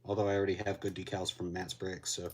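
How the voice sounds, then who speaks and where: Low-voiced man chatting while he builds. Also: flat delivery, quick pace, darkish tone, a little hiss or hum. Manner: laid-back, rambling, reacts to chat. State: recovering from a cold, a little winded. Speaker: LEGO builder streaming to chat. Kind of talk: casual live-stream chat while building.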